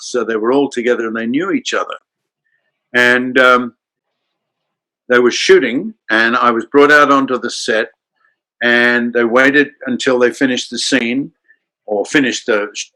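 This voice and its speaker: An older man from Australia, a guest actor telling anecdotes in an animated way and acting out the voices in his stories. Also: mid-range voice, moderate pace, poor audio. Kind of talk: anecdotal storytelling in a chat.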